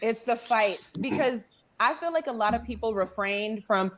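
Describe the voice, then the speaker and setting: A woman's voice: a little high, normal speed. A woman on a review panel, reacting emphatically in casual chat. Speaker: panel guest.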